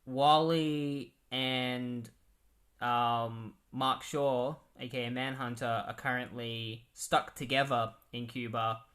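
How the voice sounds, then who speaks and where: A man's voice: medium pitch, fairly even intonation, slow pace, fairly bright tone. A man giving a casual, rambling recap of comic books, full of "like" and "um". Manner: rambling, filler-heavy. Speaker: comic book reviewer.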